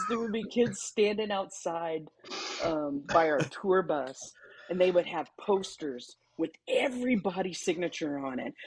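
A woman with a Texan accent, a podcast guest telling stories casually, animated and laughing, with some swearing. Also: fairly low pitch, slightly rough. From Texas. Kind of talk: casual storytelling.

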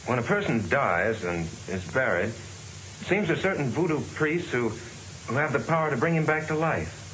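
A man plays a grave local man from an old film, explaining the walking dead in a solemn, measured tone. His voice sits at an ordinary middle pitch, with a faint hiss of noise behind it. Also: expressive, fairly bright tone, close to an everyday voice, poor audio.

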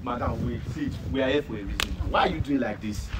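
A man with a Nigerian Pidgin accent, a sidekick in a comedy skit, urging calm and pressing questions. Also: medium pitch, fast, recorded from a distance, a crowd in the background. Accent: Nigerian Pidgin English.

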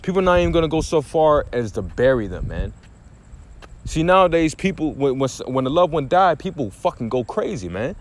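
A man's voice: fairly high pitch, big pitch swings, fairly quick. A man delivering an impassioned, profane religious rant, repeating himself for emphasis with faint vehicle noise behind. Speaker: street preacher.

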